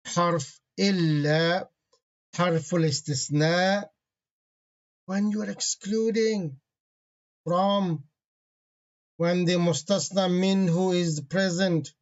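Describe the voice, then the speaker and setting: A man's voice: high-pitched, steady tone. Man teaching grammar, dull lo-fi sound. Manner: patient, repeats key terms slowly; reads Arabic grammar phrases quickly. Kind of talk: online grammar lesson.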